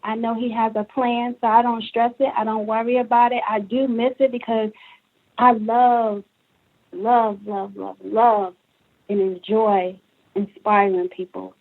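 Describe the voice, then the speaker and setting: Animated woman telling her story by phone. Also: on the high side, moderate pace. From Brooklyn, New York. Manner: animated, emotional storytelling with acted-out quotes. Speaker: guest author. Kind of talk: interview on a call-in talk show. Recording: tinny phone line.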